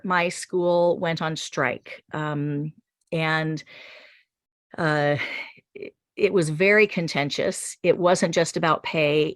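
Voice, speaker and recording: A middle-aged woman, a teacher, recounting a story in a group talk, gentle and hesitant with many fillers. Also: lowish voice, no echo, studio quality.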